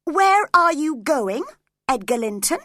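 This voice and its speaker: A woman voicing a passionate, spoiled young woman who turns cross and shrill. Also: sing-song, slow pace, no echo, clean studio sound, exaggerated voice. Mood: pleading. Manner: shrill and cross, rising to shouts.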